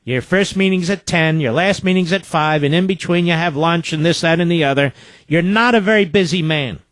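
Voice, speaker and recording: A man's voice: high-pitched, dry recording. A man hosting a talk radio show, delivering a combative, sarcastic monologue.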